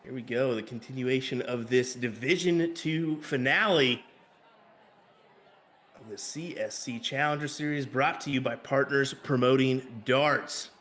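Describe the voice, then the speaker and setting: A man with a Kansas accent doing live darts commentary in an easygoing, steady way. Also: mid-range voice, measured pace. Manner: easygoing, steady, with filler words.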